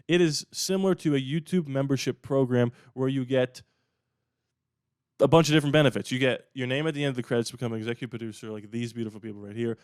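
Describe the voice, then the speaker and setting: A man talks through his opinions in a casual, emphatic way, like the host of his own sports channel. His voice is smooth and clear at a middle pitch. The sound is dry and close, with no room echo.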